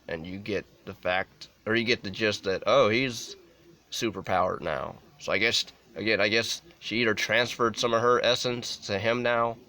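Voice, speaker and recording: A man's voice: on the low side, sharp tone. A young adult man giving a casual, unscripted movie review, rambling with many restarts and "like" fillers.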